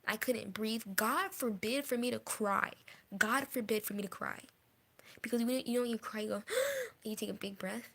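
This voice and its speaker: A woman's voice: fairly high pitch, a little fast, gravelly, bright, forceful tone. A young woman telling a storytime vlog in an earnest way, repeating phrases and dropping into whispers at painful moments. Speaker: vlogger.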